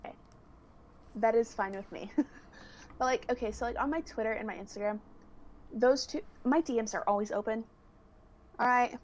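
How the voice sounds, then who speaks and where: Chatty young woman, slightly high voice. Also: normal speed, long pauses. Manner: chatty and giggly, fills speech with "like". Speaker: guest singer. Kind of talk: casual chat. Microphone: video call.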